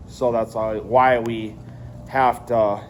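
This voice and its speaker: A young man rambles through a casual vlog. He leans on fillers and drops swear words freely. His pitch sits in the middle, and faint background noise runs beneath him. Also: level tone, slow pace. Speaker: vlogger.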